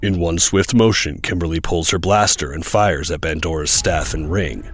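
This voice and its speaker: Very deep-voiced male narrator. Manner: measured, descriptive. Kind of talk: scripted narration.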